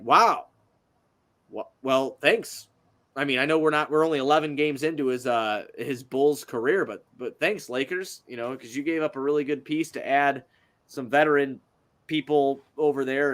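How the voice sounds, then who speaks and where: Young male podcast co-host, loose and profane, middle pitch, laughs easily between points. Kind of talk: casual sports podcast chat.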